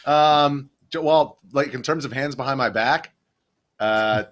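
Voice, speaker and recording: A man's voice: medium pitch, unhurried, fairly bright tone. A young adult man, a video journalist, rambling through a story in a casual podcast interview, full of restarts and fillers.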